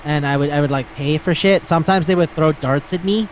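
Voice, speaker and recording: A skittish, apologetic young woman, as a man puts her on in a podcast, her voice pitched up and eager to please. The recording is a little dull and carries a faint hiss underneath. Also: a little fast, lightly acted. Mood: cheerfully resigned. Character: nervous, clumsy, people-pleasing young woman.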